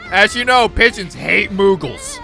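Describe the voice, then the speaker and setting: A man streaming live, reacting to a game showcase with excited, sarcastic commentary. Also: a little high. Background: game trailer music.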